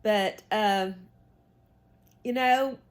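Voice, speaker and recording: A woman's voice: medium pitch, very slow. A woman with a Southern US accent, chatting in a rambling, folksy way to her viewers while she knits. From United States. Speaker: knitting vlogger. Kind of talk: casual chat while knitting.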